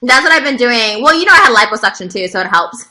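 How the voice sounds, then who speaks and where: Bright, lively high-voiced woman. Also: fast talker, poor audio. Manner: blunt, teasing, bubbly. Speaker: guest. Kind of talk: casual livestream chat.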